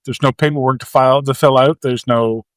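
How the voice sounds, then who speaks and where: A man's voice: medium pitch, fairly quick, dry recording. A man co-hosting a movie podcast, recapping scenes in casual chat and acting out quotes and sound effects. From Canada. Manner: animated storytelling, acts out quotes and sound effects. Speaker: podcast co-host.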